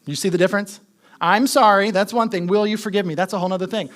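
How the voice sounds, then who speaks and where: A man's voice: high voice, steady tone, fast talker, a bit bright. A man preaching a sermon as pastor, talking conversationally, asking the congregation questions and repeating his key points.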